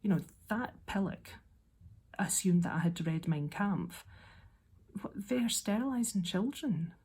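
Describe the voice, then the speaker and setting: A woman ranting in an exasperated way in a casual monologue, a little unwell and low on energy. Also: expressive, unhurried, darkish tone, slightly rough. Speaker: vlogger.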